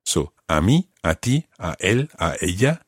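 A man's voice: low-pitched, big pitch swings, measured pace, slightly rough, no room sound, clean studio sound. A man teaching a language lesson, explaining grammar patiently and methodically.

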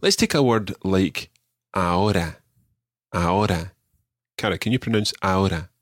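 A man's voice: low-pitched, moderate pace, no echo, clean studio sound. A Scottish man hosting a language podcast, patiently explaining pronunciation with a slightly self-deprecating manner. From Scotland.

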